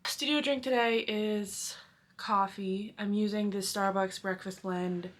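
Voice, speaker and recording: A woman's voice: medium pitch, fairly even intonation, unhurried. A young adult woman painter in her home art studio, chatting casually for her vlog in a rambling way full of "like" fillers. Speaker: painter and vlogger.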